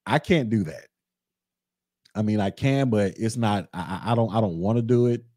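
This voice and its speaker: A young man hosting a podcast, talking through his views in a relaxed, conversational way and reading chat comments aloud. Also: fairly low pitch, moderate pace, dry recording, clean studio sound. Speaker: podcast host. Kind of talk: casual commentary monologue.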